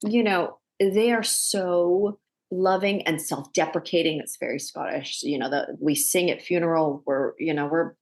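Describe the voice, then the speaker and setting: A woman guest, an actor and director, talking casually on a podcast and telling animated stories with laughter in between. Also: low voice, unhurried.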